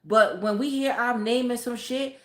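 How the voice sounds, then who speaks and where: A woman's voice: on the high side, moderate pace. Blunt, profane woman in an echoey room. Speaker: vlogger. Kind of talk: casual motivational rant.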